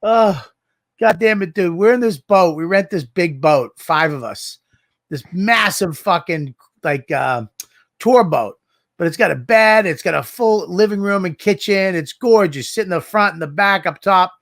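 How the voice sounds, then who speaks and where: A man co-hosting a podcast, telling a profane, animated story in casual banter on a studio microphone. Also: sits high, unhurried, no echo. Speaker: podcast co-host.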